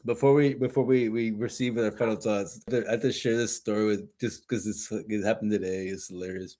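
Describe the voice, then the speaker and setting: A man's voice: fairly low pitch, steady tone, a little fast, mellow. A man co-hosting a podcast in casual chat, a rambling storyteller who repeats words and laughs often. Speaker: podcast co-host.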